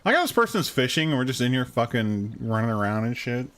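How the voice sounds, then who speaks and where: A man's voice: medium pitch, very animated, quick pace, fairly bright tone. A man streaming a game, making crude jokes and laughing as he plays. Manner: crude, joking, laughs often. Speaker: gaming streamer. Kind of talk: casual gameplay commentary.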